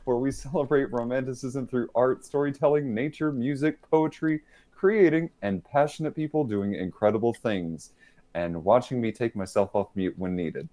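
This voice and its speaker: The man at the mic hosts a casual podcast livestream over video call, full of playful self-mockery and frequent laughter. His voice sits at medium pitch, mellow, at an ordinary pace.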